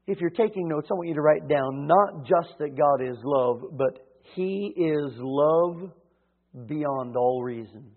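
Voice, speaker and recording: A man preaching a sermon in church, swinging between hushed and emphatic delivery with frequent hesitations. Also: on the high side, unhurried. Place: church sanctuary. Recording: tinny phone-like sound.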